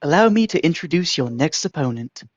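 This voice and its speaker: A man's voice: fairly high pitch, very animated, fairly quick, dry recording. A man voicing a gracious, formal male tournament announcer over a live stream, with stately, ceremonious phrasing. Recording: dull lo-fi mic with faint music.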